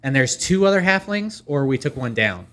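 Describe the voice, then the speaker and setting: A man takes part in a casual tabletop game. His voice sits in a middle register. He plans his turn out loud and reads out the rules as he goes. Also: medium pitch, very animated, a little fast. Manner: thinks aloud, reads out spell rules. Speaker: player. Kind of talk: casual tabletop role-play chat.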